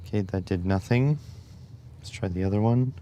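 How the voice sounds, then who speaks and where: A man's voice: sits low, moderate pace, mellow, dull audio, slight background noise. A man hosting a casual livestream, thinking aloud step by step as he works, with wry asides to his viewers. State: recovering back injury. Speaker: livestream host. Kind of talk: casual livestream chat while tinkering.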